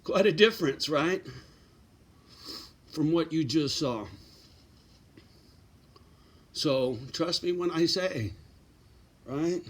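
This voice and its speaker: A middle-aged man with a somewhat high, expressive voice speaks slowly and pauses often. He delivers blunt, profane advice in a casual, straight-talking monologue, frequently ending lines with "right?" and "you know."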